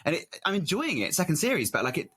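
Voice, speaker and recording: A man co-hosting a casual podcast, animated and jokey. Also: fairly high pitch, fast, husky. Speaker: podcast co-host.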